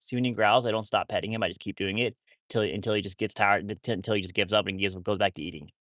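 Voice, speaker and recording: A wolfdog rescuer livestreams while working with his dogs, talking casually to viewers in a rambling way, repeating himself, restarting sentences, and trailing off. He switches to soothing, cooing talk for the dogs. His voice is fairly low, steady, quick, and fairly bright, recorded in studio quality with no echo.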